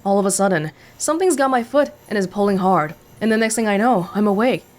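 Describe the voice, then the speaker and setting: A man's voice: sits high, fast, faint music behind, close to an everyday voice. A man voicing an earnest revived man. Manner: earnest storytelling. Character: grateful man revived from death. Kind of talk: video game dialogue.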